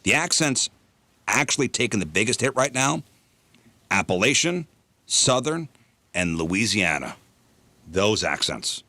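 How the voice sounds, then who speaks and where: A man's voice: on the low side, big pitch swings, unhurried, pauses often, pushed and bright, no room sound. A man co-hosting a radio comedy show, chatting casually and mimicking accents when he quotes people. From East Coast. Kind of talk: casual chat.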